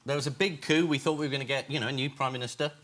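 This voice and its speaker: A man's voice: mid-range voice, steady tone, rapid-fire, noisy background. A man as team captain on a comedy panel show, making dry, sardonic interjections.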